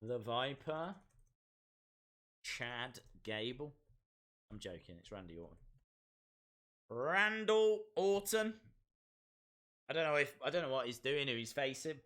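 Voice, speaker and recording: A man's voice: mid-range voice, big pitch swings, takes it slowly, long pauses, a bit bright. Playful man hosting a live reaction stream. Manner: playful, repeats phrases, reads out chat. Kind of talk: casual live reaction commentary.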